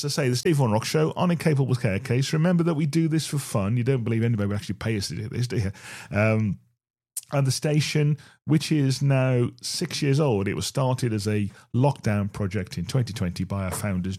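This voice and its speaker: A man's voice: lowish voice, a little mellow. A middle-aged man from the Black Country with a Black Country accent, hosting an internet rock radio show in a rambling, chatty, self-deprecating way. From Black Country, England. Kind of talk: casual radio show chat.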